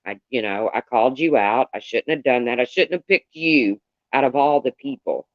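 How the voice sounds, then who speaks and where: A man's voice: mid-range voice, expressive, normal speed, no echo, lo-fi sound. A man livestreaming in casual chat, rambling candidly and greeting viewers by name.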